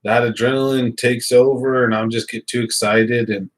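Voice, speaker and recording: A man's voice: mid-range voice, fairly even intonation, normal speed, rough recording. A man, hosting a fishing channel and rambling casually to his viewers with lots of fillers. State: hiccups.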